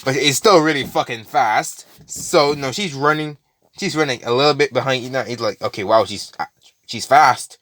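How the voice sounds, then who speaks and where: A man's voice: mid-range voice, moderate pace, fairly bright tone. A man casually retelling a fan story in a rambling, profane way, full of fillers and restarts.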